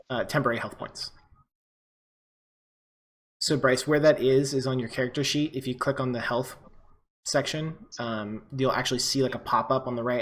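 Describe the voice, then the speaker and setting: A man running a tabletop game as game master, chatty and relaxed, with filler words. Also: mid-range voice, a little hiss or hum.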